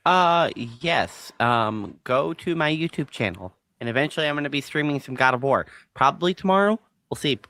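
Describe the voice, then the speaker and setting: A woman appearing as a guest streamer, chatting casually with a halting delivery. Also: a bass voice, lively intonation, fairly bright tone, no room sound, clean studio sound. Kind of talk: casual chat.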